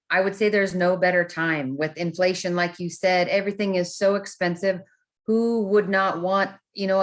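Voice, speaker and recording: A woman co-hosting an online business presentation, talking eagerly and enthusiastically. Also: lowish voice. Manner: enthusiastic, eager, apologetic over slips. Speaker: co-host. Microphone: video call.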